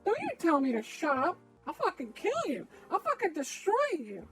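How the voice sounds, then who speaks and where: A woman's voice: high voice, wildly swooping pitch, moderate pace, faint music behind. A woman playing a tabletop game in character, hot-tempered and swearing. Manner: hot-tempered, profane threats. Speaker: player.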